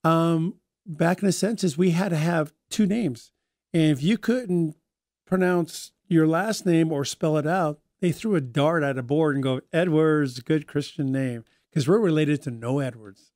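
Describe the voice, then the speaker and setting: A man, a Native dancer, chatting as a radio guest and telling anecdotes in a lively way. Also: a little high, measured pace, no room sound, clean studio sound. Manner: chatty, lively storyteller acting out quoted voices. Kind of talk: casual radio interview storytelling. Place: radio studio.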